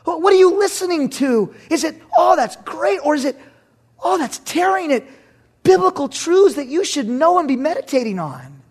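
A man voicing an exasperated divine figure who loudly scolds a believer while insisting on his love. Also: extremely high pitch, very animated, moderate pace, voice pushed up. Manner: loud, pleading, incredulous questions.

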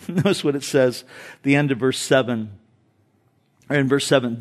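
A man preaching an expository sermon, retelling Bible stories in an animated, casual way. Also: medium pitch, fairly quick. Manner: animated storytelling, paraphrases Bible figures casually. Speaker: pastor.

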